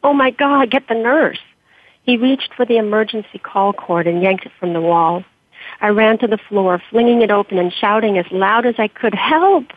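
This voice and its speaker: Husky woman reading her memoir by phone. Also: mid-range voice, normal speed. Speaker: author and interview guest. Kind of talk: reading her memoir aloud, then interview answers. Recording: dry tinny phone-like line.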